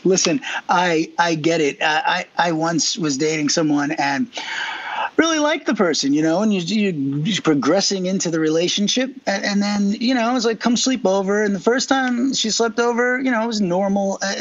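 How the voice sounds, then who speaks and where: A man's voice: high voice, normal speed. A man co-hosting a casual chat, stammering through restarts and acting out quotes, who grew up on the East Coast of the US. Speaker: podcast co-host. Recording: dull lo-fi sound.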